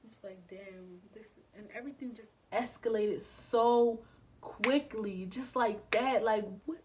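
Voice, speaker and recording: A woman's voice: on the high side, takes it slowly, rough recording. A young adult woman telling a personal story in a casual storytime vlog. She speaks candidly and emotionally, with slang, swearing and repeated phrases. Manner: subdued and emotional. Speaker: vlogger.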